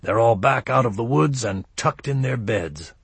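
A man's voice: mid-range voice, lively intonation, normal speed, husky, no room sound. A man reading an audiobook voices Otto, a matter-of-fact male mercenary giving a report. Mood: plain.

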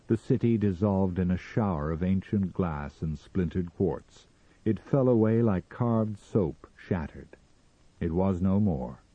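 A man narrating a story in a measured, expressive dramatic reading, on a slightly muffled recording. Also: low-pitched, slightly rough, dry recording.

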